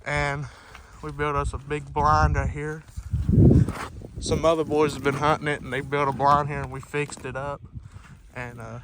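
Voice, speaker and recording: A man's voice: on the high side, flat delivery, normal speed. A man vlogging from a duck hunt outdoors by a lake, shivering from the cold and rambling with plenty of fillers. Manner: plain, rambling, with many fillers. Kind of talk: casual outdoor vlog. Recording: outdoor wind and background noise.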